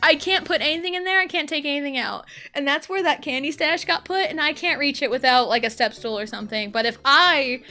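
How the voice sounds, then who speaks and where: A woman's voice: high voice, brisk, few pauses, sharp tone, soft background music. A woman in her thirties streaming a game, chatting casually in a rambling, exasperated way with lots of fillers. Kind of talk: casual chat while gaming.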